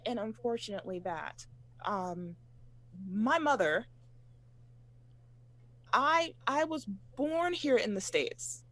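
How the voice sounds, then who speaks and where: A woman in a casual panel discussion, telling personal stories in a measured way, pausing often. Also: a little high, lively intonation, a bit bright.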